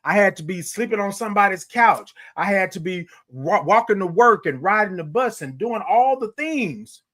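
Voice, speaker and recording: A man with a high, light voice gives a motivational monologue on his morning show. He preaches to his listeners, calls them y'all and repeats key lines for weight. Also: expressive, normal speed, a bit bright.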